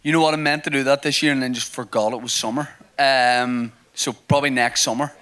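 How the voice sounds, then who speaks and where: A man's voice: mid-range voice, fairly even intonation, fairly quick, a bit bright, clear, resonant tone. A man co-hosting a live podcast on stage, chipping in with dry teasing remarks. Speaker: podcast co-host. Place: theatre stage before audience.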